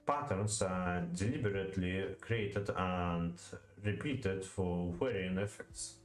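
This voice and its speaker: A man with a Russian accent, his voice low and unhurried, works through poetry notes aloud in a halting way. He stops often and says words over several times to get them right. The room is echoey, with faint music behind him. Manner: halting, many fillers, repeats words to practice pronunciation. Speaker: language learner studying poetry. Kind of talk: reading aloud and thinking aloud while studying.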